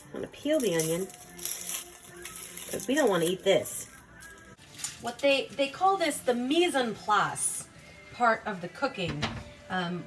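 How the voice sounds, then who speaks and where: In her kitchen, a young woman with a mid-range voice hosts her home cooking show, rambling casually, poking fun at herself and using many fillers. Playlist music plays faintly behind the low-quality recording.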